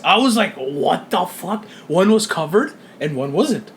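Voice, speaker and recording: Animated high-voiced man telling a story. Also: normal speed, few pauses, slight background noise. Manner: profane, animated storytelling with quoted asides. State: sleepy. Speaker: podcast co-host. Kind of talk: casual chat.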